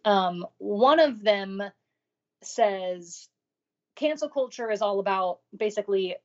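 A woman's voice: mid-range voice, lively intonation, takes it slowly, muffled recording. A woman co-hosting a podcast, chatting casually with a dry, sarcastic edge. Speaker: podcast co-host and business owner. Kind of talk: casual discussion.

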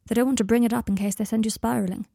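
A tender young man speaks in a hushed, gentle voice, as a woman reads him in an audiobook. His tone is mellow and a little gravelly, and the reading is close and dry. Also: fairly high pitch, fairly even intonation, very fast, no room sound. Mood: calm reassuring.

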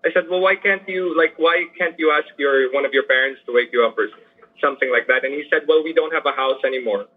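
A teacher who works with poor youth, speaking earnestly in an interview with frequent restarts and fillers. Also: male voice, mid-range voice, fast talker, husky. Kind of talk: interview over a remote line. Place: lives in Manila. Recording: tinny phone-like line.

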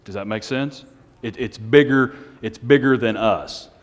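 A man preaching a Sunday night sermon, speaking in a self-described monotone with joking asides to the congregation. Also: mid-range voice, measured pace. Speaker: pastor. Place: church hall on a Sunday night. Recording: long hall reverb.

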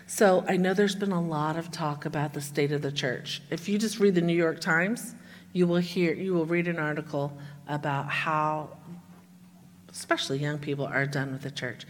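Low-voiced woman preaching in echoey hall. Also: steady tone, moderate pace. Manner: earnest, emphatic, dropping to near-whispers for stress. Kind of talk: sermon. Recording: echoey hall with long reverb.

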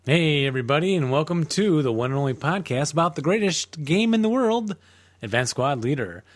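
A man's voice: a little high, lively intonation, fairly quick, no room sound. A man co-hosting a podcast, joking around and doing hammy announcer-style intros in casual banter. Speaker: podcast co-host.

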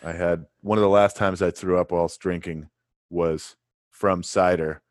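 A man co-hosting a podcast, chatting casually with dry, deadpan self-mocking humor. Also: low-pitched, unhurried, no echo. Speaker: podcast co-host. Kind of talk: casual chat.

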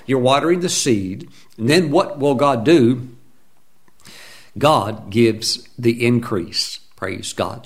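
A man preaching a sermon, fervent and emphatic, acting out quoted prayers and complainers in lively voices. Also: medium pitch. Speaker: pastor.

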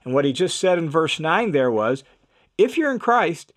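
Emphatic male Bible teacher, higher voice. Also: sing-song, moderate pace. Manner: emphatic, repeats key phrases for stress.

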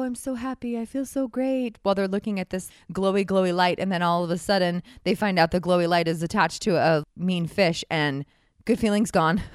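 A woman's voice: mid-range voice, dry recording, studio quality. Candid woman telling a personal story. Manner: candid, animated, wry, acts out quoted voices.

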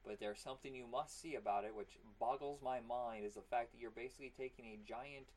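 Talking fast with a steady, medium-pitched, darkish tone, this podcast co-host keeps the chat casual. His voice is strained and partly worn out, and he rambles, jokes, and tends toward silly voices.

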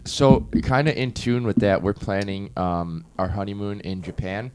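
Smooth-voiced joking man on a podcast. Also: fairly low pitch, normal speed, a little mellow. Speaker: podcast co-host. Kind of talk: casual chat.

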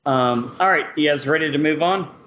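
A man's voice: a little high, normal speed. A man with a Texas accent hosting a horror podcast in casual chat, joking and laughing often. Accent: Texan. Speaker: podcast host. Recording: slightly dull podcast audio with faint noise.

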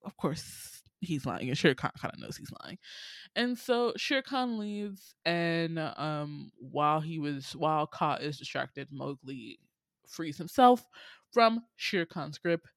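A casual host recapping a cartoon plot in slangy, rambling speech with lots of fillers. The voice sits at a middle pitch and is recorded dry and close. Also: lively intonation, takes it slowly, fairly bright tone, dry recording.

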